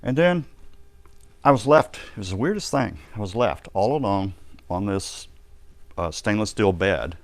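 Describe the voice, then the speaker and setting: A man giving a personal testimony in a ministry live stream, telling his story vividly and acting out the shouts and reactions of the people in it. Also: fairly low pitch, expressive, unhurried, pauses often, no room sound.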